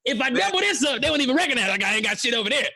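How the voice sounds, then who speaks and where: A man's voice: very high voice, big pitch swings, rapid-fire, creaky, a crowd in the background. A man cracking rowdy mocking jokes as a comedian on a live video-call roast show.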